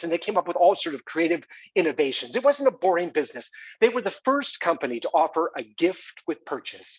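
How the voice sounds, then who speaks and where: American guy doing a jokey stage monologue, high husky voice, kinda dull dry sound. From United States. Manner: animated, joking storyteller. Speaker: solo stage performer. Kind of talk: theatrical comic monologue.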